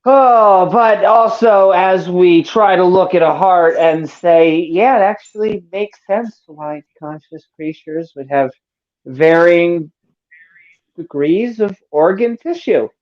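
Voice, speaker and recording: Woman podcast co-host: playful and teasing, with sudden squeaky outbursts and a muffled lo-fi sound. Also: slow pace. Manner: playful, jokey, bursts into silly high squeals. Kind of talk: casual podcast chat. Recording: dull lo-fi audio.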